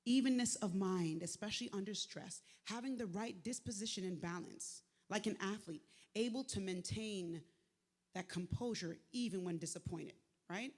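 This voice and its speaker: A woman giving a live motivational faith talk, conversational and lively, with slangy asides to the crowd. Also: mid-range voice, moderate pace. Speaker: speaker at a faith event. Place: large venue, live event. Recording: echoey hall with long reverb.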